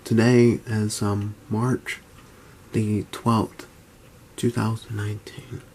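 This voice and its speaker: A man in his early twenties, talking low and often whispering in a halting vlog at home, with many restarts. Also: level tone, darkish tone. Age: 20s. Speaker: YouTuber. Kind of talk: hushed vlog talk. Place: at home, indoors.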